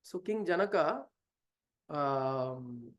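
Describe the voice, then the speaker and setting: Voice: mid-range voice, lively intonation, very slow. Teacher walking thru a scripture story, lots of uh and restarts, keeps asking the class questions. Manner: asks rhetorical questions, storytelling; hesitant, with fillers and restarts. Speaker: spiritual teacher. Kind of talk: scripture lesson told as a story.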